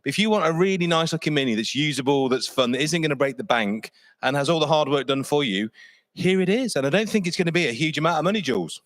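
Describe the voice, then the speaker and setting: A man's voice: on the high side, lively intonation, quick pace, a bit bright, no echo. A man presenting a classic car at auction in a chatty, enthusiastic walk-around style.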